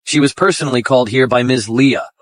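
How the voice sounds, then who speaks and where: A man's voice: medium pitch, fast talker, no room sound, lightly acted. An actor playing a greedy young man who sneers at the poor and fawns on the rich, in an English drama dub. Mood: fawning.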